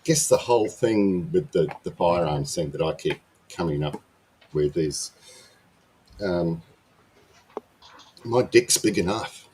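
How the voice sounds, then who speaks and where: A man's voice: low voice, expressive, slow pace, long pauses, darkish tone, a little hiss or hum. A man chatting casually, rambling and often restarting his sentences. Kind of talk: casual chat.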